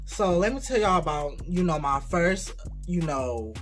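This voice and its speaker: A young adult vlogger telling a casual story about their first job, cursing freely and getting animated. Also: mid-range voice, measured pace, soft background music.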